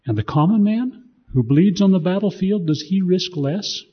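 A man's voice: medium pitch, animated, a little fast, husky, lo-fi sound. A man voicing a defiant rebel leader who rouses his men with declamatory speech. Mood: fervent. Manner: rousing, declamatory.

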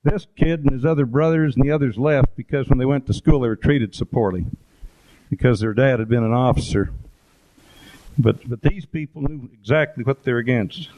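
A man's voice: mid-range voice, moderate pace. Rambling man giving an anecdotal talk. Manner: rambling, anecdotal, with fillers and asides. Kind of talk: informal presentation with photos. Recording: dull lo-fi recording.

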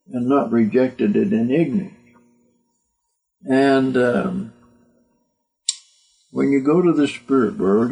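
An older man giving an earnest doctrinal sermon, halting and repeating words as he goes. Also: medium pitch, creaky, mellow, highs cut off. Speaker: religious teacher.

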